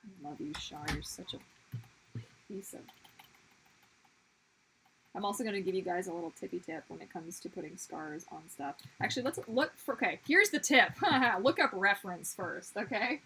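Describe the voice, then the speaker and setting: A woman's voice: medium pitch, expressive, normal speed, sharp tone, slight background noise, low-quality recording. A young woman hosting a livestream, chatting casually while she draws, rambling and interrupting herself with sudden exclamations. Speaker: livestream host and artist. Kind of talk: casual chat while drawing.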